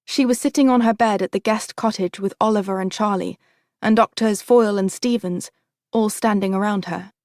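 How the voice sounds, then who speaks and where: A woman's voice: medium pitch, steady tone, normal speed, a little mellow, no room sound, clean studio sound. Woman narrating an audiobook. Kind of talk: scripted narration.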